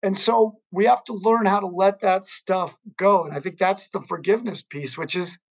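A man's voice: high voice, fairly even intonation, moderate pace. Earnest male podcast host. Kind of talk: conversational interview.

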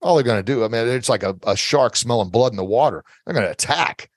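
A man's voice: mid-range voice, expressive, quick pace, dry recording. A middle-aged man giving earnest, motivational self-defense advice as an interview guest, coaching listeners and repeating his key phrases.

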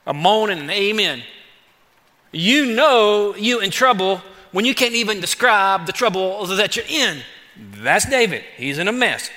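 Pastor, male, high voice, preaching with energy in a reverberant church hall. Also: normal speed. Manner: animated, acts out David's pleas in casual voice. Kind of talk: sermon.

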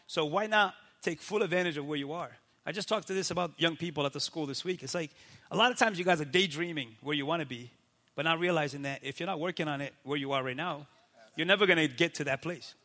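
Pastor, male, high bright tone, lively and conversational, peppers talk with "right?". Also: quick pace. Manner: animated, keeps asking "right?" and acts out quoted people. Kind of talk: casual faith talk.

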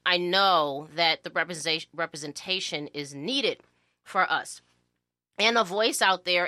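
A woman's voice: mid-range voice, no room sound, clean studio sound. A woman hosting her own podcast as an educator, talking casually and encouraging listeners. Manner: warm-hearted, preachy encouragement with fillers.

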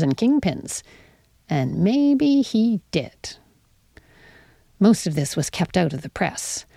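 A woman's voice: on the low side, vocal fry, mellow, no room sound. A woman reading her own first-person story aloud in a wry, conversational way, sometimes dropping to a whisper.

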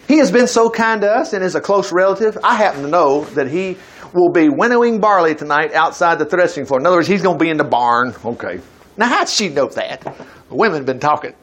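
A man's voice: a little high, fairly bright tone. A man reading a scripture story aloud to a group, stopping often to comment with enthusiastic asides and exclamations. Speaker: Bible teacher.

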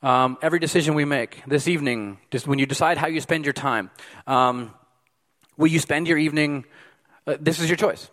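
A man's voice: a little high, a little fast. Emphatic man preaching in a reverberant hall. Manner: emphatic, swings from loud to hushed. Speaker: pastor. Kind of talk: sermon.

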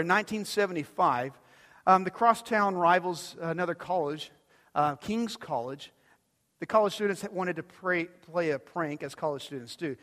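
A male pastor preaching a sermon in a conversational way, often asking the audience if they are following, swinging between loud emphatic lines and soft low ones. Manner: conversational, asks the audience questions. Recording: long hall reverb.

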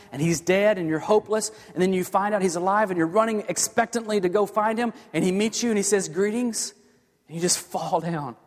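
A man preaching a sermon as a pastor, earnest, moving from hushed lines to emphatic ones. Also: sits high. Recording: long hall reverb.

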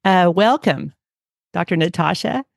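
Low-voiced Southern woman hosting. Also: expressive, unhurried, gravelly, dry recording, studio quality. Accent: Oklahoma Southern. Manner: effusive and enthusiastic, with many fillers. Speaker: podcast host. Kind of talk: casual interview.

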